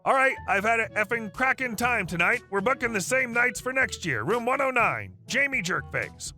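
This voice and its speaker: A rude drunk man barks and slurs down a phone line, demanding his booking, as a storyteller voices him. The voice sits up high and sounds sharp and bright. It is a reader's put-on voice in a storybook telling. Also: big pitch swings, moderate pace, faint music behind, exaggerated voice. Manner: slurred, abusive, demanding. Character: drunk rude male hotel guest.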